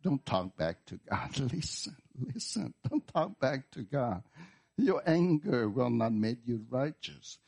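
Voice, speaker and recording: Male pastor, slow sermon delivery, repetitive emphatic phrasing. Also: medium pitch, sing-song, creaky, darkish tone. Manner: slow, deliberate preaching with repeated words and emphatic restarts. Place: church.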